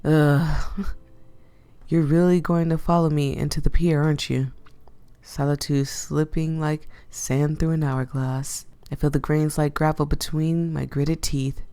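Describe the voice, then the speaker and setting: A weary young male ghost-catcher who would rather be alone on his boat, narrating in a deadpan, sarcastic drawl, voiced by a woman reading the game. His voice sits low, and the recording is close and dry. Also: unhurried, clean tone, no echo. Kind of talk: visual novel read-aloud.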